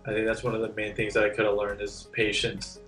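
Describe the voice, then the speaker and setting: A man's voice: fairly low pitch, monotone, fast talker, a bit bright, recorded from a distance, soft background music. A man talking as a guest on a podcast in casual chat, candid and rambling, with many "like" fillers.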